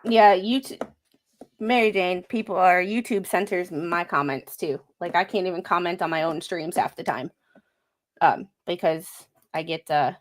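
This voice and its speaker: A woman's voice: fairly low pitch, normal speed. A woman hosting a casual livestream, reading a court filing aloud with sarcastic asides and frequent fillers. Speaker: livestream host.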